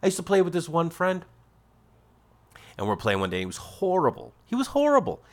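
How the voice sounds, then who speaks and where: Animated man telling golf stories. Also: on the high side, normal speed. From Massachusetts. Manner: animated storytelling with exaggerated quoted voices. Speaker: podcast host. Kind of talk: comedic casual monologue.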